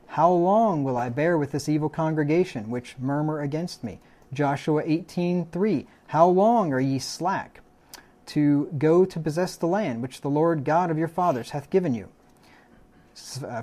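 Mellow-voiced man preaching a sermon. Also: fairly high pitch. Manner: reads verses in a plain steady voice, with asides. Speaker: pastor.

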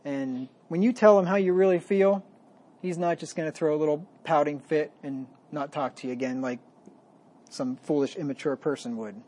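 A man preaching a sermon, reading scripture slowly with emphasis and then explaining it in a plain, conversational way. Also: a little high, darkish tone. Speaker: pastor.

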